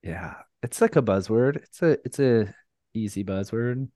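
A man's voice: lowish voice, expressive, unhurried, dark tone, no room sound, clean studio sound. A middle-aged man hosting a podcast, chatting in a rambling way and laughing often. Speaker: podcast host. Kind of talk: casual podcast chat.

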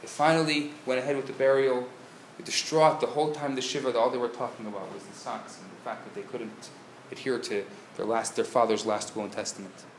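A man, a rabbi, telling a story in a live lecture, swinging from hushed tones to loud bursts. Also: mid-range voice, fairly even intonation, a little fast, hardly any pauses, slight background noise. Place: synagogue lecture hall, live audience. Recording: echoey live room with faint ambience.

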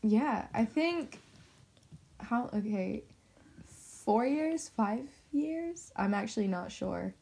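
A woman's voice: a little high, expressive, slow, vocal fry, a little mellow, husky. A young woman, a student guest in a casual chat, hesitant and full of fillers. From Surrey, England. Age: young adult. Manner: hesitant, unsure, lots of ums.

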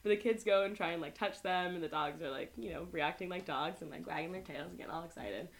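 Talking fast with a fairly low pitch and vocal fry, a young woman tells friends a long, animated story. She laughs a lot and voices the quotes as she goes.

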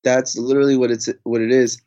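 A man co-hosting a casual film discussion podcast, speaking in a measured, thoughtful way. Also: medium pitch, level tone, warm tone, dry recording. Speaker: podcast co-host. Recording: dry, slightly dull audio.

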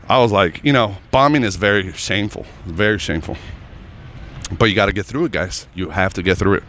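A man's voice: fairly low pitch, brisk, a bit bright. A man working as a comedian, telling a rambling, profane story straight to his viewers. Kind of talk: casual storytelling to camera.

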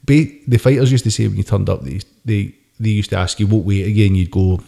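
A man, co-hosting a casual sports podcast chat, talking in an animated way and swearing casually. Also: fairly low pitch, fairly quick, creaky. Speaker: podcast host.

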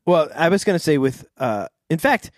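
A man reading a book aloud on a podcast and chatting about it wryly, slipping into quick quoted voices. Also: a little high, sing-song, dry recording, clean studio sound. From St. Louis. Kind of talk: casual chat and reading aloud.

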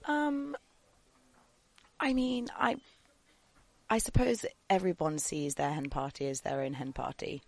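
A woman, a podcast guest in casual chat, measured and mildly exasperated. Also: sits low, creaky, no echo.

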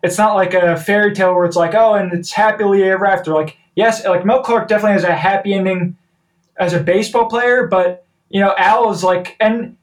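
A man's voice: sits high, fairly even intonation, brisk, recorded from a distance. A man co-hosting a podcast, chatting casually about a film with lots of "like" and "you know" fillers. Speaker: podcast co-host. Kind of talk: casual movie discussion.

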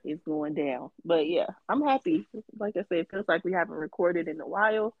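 A hoarse woman co-hosting a podcast. Her pitch swings widely as she teases her friend. The sound is close and dry. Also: normal speed, dry recording, phone-quality sound. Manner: teasing, animated, swears. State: hoarse, recovering voice. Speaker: podcast co-host. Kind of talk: casual chat.

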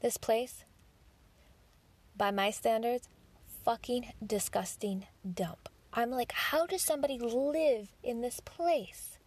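Candid higher-voiced woman telling her story. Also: takes it slowly, darkish tone. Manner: candid, swears freely, acts out her own inner voice. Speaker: podcast host. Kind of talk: personal storytelling monologue.

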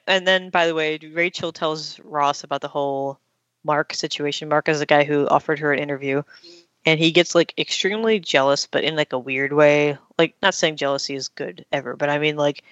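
A woman's voice: low voice, steady tone, normal speed, fairly bright tone, no room sound. A woman in casual chat, retelling a story and acting out the quotes. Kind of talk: casual chat, recapping a TV episode. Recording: dull, slightly lo-fi dry recording.

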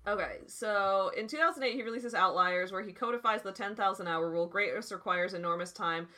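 A young woman with a bright, forward voice, talking animatedly in a loose, casual chat. She fills her speech with "like" and "dude" and reacts freely as she reads articles aloud. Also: medium pitch, brisk. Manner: animated, chatty, lots of "like" and "dude".

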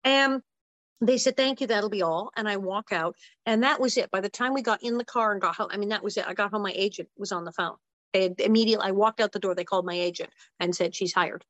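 A woman guest in an interview telling an animated story, acting out the voices of the people in it. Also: quick pace, no echo, dull audio. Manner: lively, acts out quoted voices with big pitch jumps.

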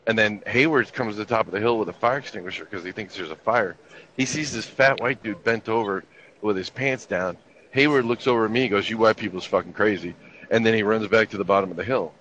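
A man's voice: on the low side, fast, a bit bright. A man in his fifties telling army stories in casual chat, with a laid-back, profane, wry delivery. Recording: dull lo-fi recording with faint ambience.

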